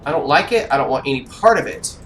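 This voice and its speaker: A streamer giving live commentary on an online role-playing game, grumbling and talking to themselves with quick reactions. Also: mid-range voice, expressive, fairly bright tone, slight background noise.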